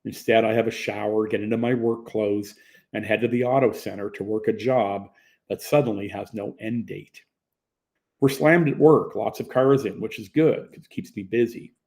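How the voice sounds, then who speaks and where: Gravelly, mellow-voiced man narrating a story. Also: on the low side, fairly even intonation, normal speed. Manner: plain, conversational storytelling. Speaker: audiobook narrator. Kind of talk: first-person audiobook narration.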